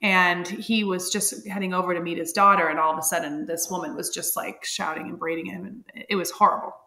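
A woman's voice: on the low side, steady tone, brisk, gravelly, pushed and bright. A woman in her thirties, a podcast guest, telling a personal story candidly and with feeling, laughing often and using many fillers.

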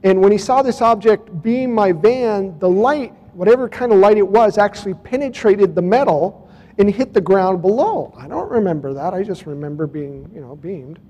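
A man's voice: sits high, animated, moderate pace, dark tone. A man telling a personal story to a conference audience in a casual, wry way. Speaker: conference speaker. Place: large conference hall. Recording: long reverb of a conference hall.

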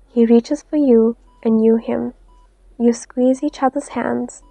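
A woman narrating a fanfiction story in a soft, steady storytelling manner. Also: fairly high pitch, takes it slowly, vocal fry, no room sound, dull audio. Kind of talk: fanfiction reading. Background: faint lofi music.

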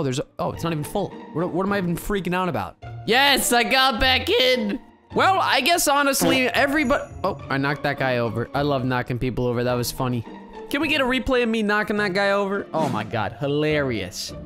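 A gaming video host giving casual, excitable gameplay commentary and chatting with viewers. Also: medium pitch.

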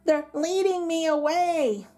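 A woman voicing a small, eager young male colt in a storybook read-aloud, talking high and wide-eyed. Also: big pitch swings, measured pace, a little mellow, husky, full character voice. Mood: frightened.

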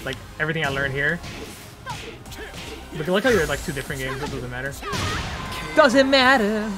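A woman streaming a fighting game live from her desk at home, excitable and swearing, breaking into yelps and shouts, with game music behind her. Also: a bass voice, fast. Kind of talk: live gaming stream commentary.

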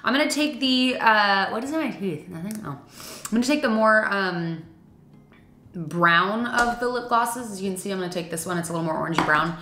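A woman's voice: medium pitch, lively intonation, normal speed, sharp tone, a little hiss or hum. A young woman chatting casually through a makeup review, chatty and self-deprecating, with frequent fillers. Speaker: beauty vlogger. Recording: echoey room.

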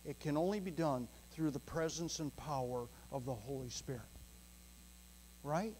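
Earnest higher-voiced male preacher. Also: slight background noise, low-quality recording. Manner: earnest, emphatic preaching with frequent soft chuckles; swings from slow, weighty phrases to quick bursts. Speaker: pastor. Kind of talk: sermon. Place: church sanctuary.

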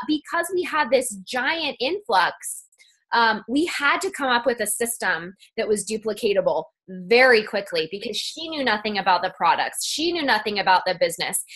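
A woman with a fairly high, bright voice joins a sales team call as a guest, coaching the team in eager, chatty motivational talk full of fillers and restarts. She's heard over a phone or conference-call line.

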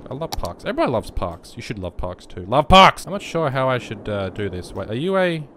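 A man's voice: medium pitch, big pitch swings, fast, slight background noise. Sick young man rambling over gameplay. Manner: rambling and joking, with sudden loud outbursts at the game. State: sick with a virus. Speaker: gaming YouTuber. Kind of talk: casual gameplay commentary.

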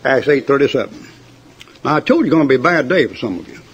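Speaking quickly with big swings in pitch, an older preacher with a medium voice mocks his opponents and chuckles at his own funny anecdotes. It's a fiery, folksy sermon before a congregation, captured on a dull lo-fi tape with slight hiss or hum.

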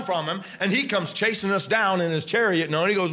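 A young man with a Midwestern accent preaches a sermon in church. His voice sits a little high, and he tells stories with energy, jumping into quoted voices as he goes. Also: fairly quick, few pauses. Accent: Midwestern American. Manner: animated storytelling, acts out quoted voices. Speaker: pastor. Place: church sanctuary.

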